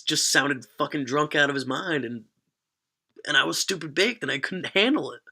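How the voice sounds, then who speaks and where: Bright-voiced young man telling a profane story. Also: mid-range voice. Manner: profane, rambling. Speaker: vlogger. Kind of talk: storytelling vlog.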